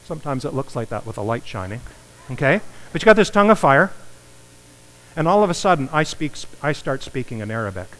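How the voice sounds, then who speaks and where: A man preaching a sermon as pastor, animated, repeating his words and rising in pitch on the points he stresses. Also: fairly quick. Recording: long reverb of a church hall.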